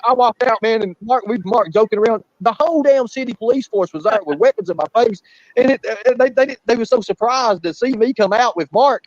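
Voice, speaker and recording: Casting: man, rapid storyteller, dry muffled sound. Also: sits high, no room sound. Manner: rambling, laughing, profane anecdotes. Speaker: guest storyteller. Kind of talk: casual storytelling. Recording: muffled lo-fi audio.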